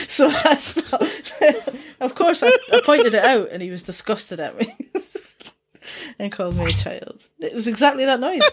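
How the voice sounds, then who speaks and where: A woman's voice: a little high, big pitch swings, measured pace, a little hiss or hum. A Scottish woman from Dundee, with a Dundonian accent touched by Geordie, co-hosting a podcast in casual, sweary, rambling chat and laughing often. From Scotland. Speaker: podcast co-host.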